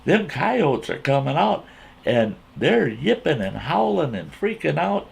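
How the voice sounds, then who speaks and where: A man telling a folksy campfire story in an animated way, repeating himself as he builds the scene. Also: on the high side, creaky, slightly rough. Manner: drawn-out, repetitive, animated retelling.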